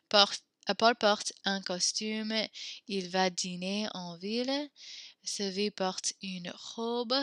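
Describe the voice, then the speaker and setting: A young woman teaching a French class over a video call from home, upbeat and encouraging as she gently corrects her students. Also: medium pitch, no echo. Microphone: computer mic on a video call.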